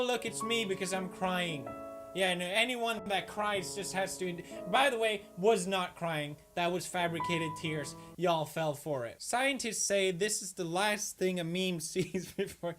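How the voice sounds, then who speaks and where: A man with a bright, forceful voice riffs through a comedic meme review, dry and sarcastic one moment and yelling in mock outrage the next. Faint music plays under him. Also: high-pitched, a little slow. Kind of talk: comedic commentary.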